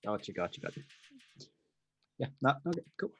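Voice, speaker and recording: A man's voice: mid-range voice, very animated, moderate pace, a little hiss or hum. A man playing a tabletop game over a video call, casually checking the details. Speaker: player.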